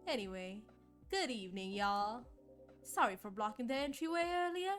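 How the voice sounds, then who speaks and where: A woman's voice: fairly high pitch, lively intonation, moderate pace, fairly bright tone, soft background music. A woman voicing a friendly male police officer in a put-on American Southern accent, easygoing and folksy. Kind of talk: streamer voicing game dialogue.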